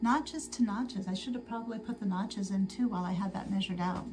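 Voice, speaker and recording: A tired woman hosting a casual sewing livestream, chatting slowly to viewers and to herself as she works. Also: mid-range voice, background noise. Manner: slow, chatty, talks to herself while working. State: tired and sleepy.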